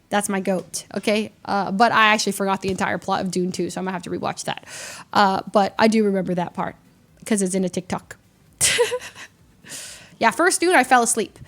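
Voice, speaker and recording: A woman livestreamer in casual chat with her viewers, rambling and animated, often laughing at herself and restarting her sentences. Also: mid-range voice, fairly quick. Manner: rambling, animated and self-deprecating, with frequent restarts.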